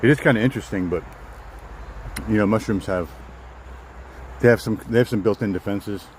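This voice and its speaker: A man's voice: fairly low pitch, a little fast, a little mellow, slight background noise, rough recording. A man casually chatting with live viewers while walking outdoors in the woods, rambling and repeating himself. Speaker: vlogger hosting a live walk.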